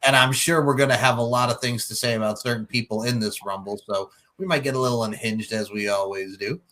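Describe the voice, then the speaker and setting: Bright-voiced joking podcast host man. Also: mid-range voice, steady tone, quick pace. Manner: profane, joking, breaks into mock voices. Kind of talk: casual podcast chat.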